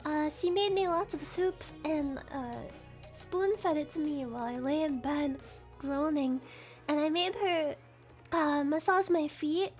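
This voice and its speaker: A woman streamer chatting loosely with her viewers, rambling and giggly, with "like" dropped everywhere. Her voice is very high and she takes her time. Faint music sits behind her. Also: a little slow. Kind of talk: casual live-stream chat.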